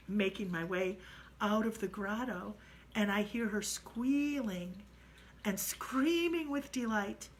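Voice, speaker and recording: A woman telling a true ghost story, dramatic and moving from hushed to loud. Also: mid-range voice, slight background noise, low-quality recording.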